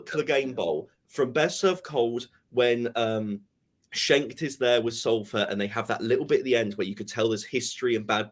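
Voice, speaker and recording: Animated man with lively pitch. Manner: animated, laughs often, acts out lines. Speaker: book discussion guest. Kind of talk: casual video call discussion.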